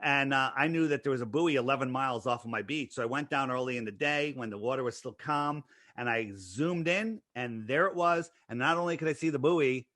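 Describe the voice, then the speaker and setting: Man, interview guest: insistent, piles up rhetorical questions; bright, forceful tone, dry close sound. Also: medium pitch, dry recording. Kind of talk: conversational explanation.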